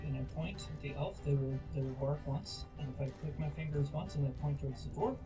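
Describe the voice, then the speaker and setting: A chatty hobbit farmer, a little higher than plain talk, boastful and quick to get flustered, as a man puts him on. He rambles over music playing behind the tabletop game. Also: natural voice, rough recording. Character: chatty friendly male hobbit farmer with dogs.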